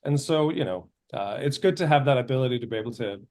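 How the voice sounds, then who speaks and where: Danish-raised man, lively actor on a video call. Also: medium pitch, fast talker, hardly any pauses. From Denmark. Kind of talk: casual interview chat. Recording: remote video call audio.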